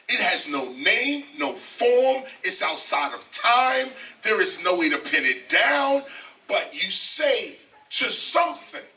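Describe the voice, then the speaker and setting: A man's voice: high-pitched, big pitch swings, slow pace, sharp tone. An older man telling his life story in an interview, emphatic and repeating phrases, often asking "okay?". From South Bronx, New York. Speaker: interview guest, rapper and teacher. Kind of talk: animated storytelling. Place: library, indoors. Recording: distant mic, faint background noise.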